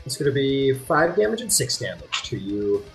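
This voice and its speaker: A man narrating a tabletop game as game master, relaxed and rambling with many fillers. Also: medium pitch, normal speed, faint music behind.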